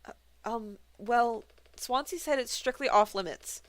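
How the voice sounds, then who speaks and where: A woman voicing a panicky, nervous young crewman who talks in a fretful, rushed way. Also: a little high, lightly acted.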